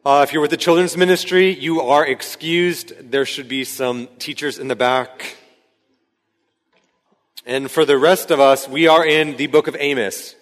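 A male pastor in his thirties delivers a conversational sermon in a church sanctuary. His voice sits a little high for a man and bursts into shouts when he reenacts a story. A long hall reverb trails his words from the stage mic. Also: a little slow. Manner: conversational, rising to shouts when acting out yelling. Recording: hall reverb from a large room.

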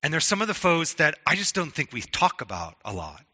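A man's voice: fairly high pitch, wildly swooping pitch, a little fast, pushed and bright, big-room sound. A man preaching a sermon in an earnest, conversational way, often restarting his words. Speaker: pastor.

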